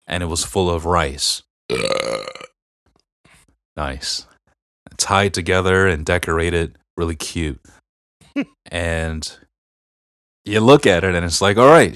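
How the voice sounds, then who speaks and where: A middle-aged man with a deep, low voice talks in a casual podcast chat. He tells family stories earnestly, rambling a little and leaning on fillers. The sound is dry and close, with no room around it. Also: fairly bright tone, no echo. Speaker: podcast co-host.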